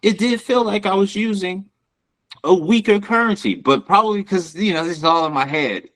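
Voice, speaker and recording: A young man co-hosting a podcast, talking casually in slangy, animated speech. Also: sits high, normal speed, rough recording. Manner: slangy, animated, says bro a lot. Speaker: podcast co-host. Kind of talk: casual chat.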